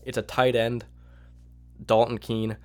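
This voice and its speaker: A man hosting a solo sports podcast, giving opinionated, excitable commentary and acting out his own reactions. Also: medium pitch, takes it slowly. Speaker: podcast host.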